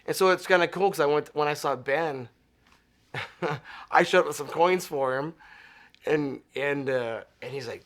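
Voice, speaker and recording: A man from Arizona, interviewed as a guest, tells stories in a mid-pitched, everyday voice. He talks with eager enthusiasm, rambling from one memory to the next and often restarting his sentences. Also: fairly even intonation, moderate pace, fairly bright tone. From Arizona, USA. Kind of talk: casual anecdotal storytelling.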